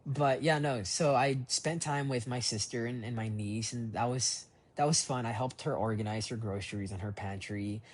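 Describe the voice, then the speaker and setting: A young man talks into his phone's voice memo app with a husky, breathy edge to his voice. He rambles in a loose, reflective way, restarting his sentences and leaning on fillers. His pitch sits in a middle range for a man. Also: normal speed, hardly any pauses. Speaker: voice diary keeper. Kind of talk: personal voice memo diary.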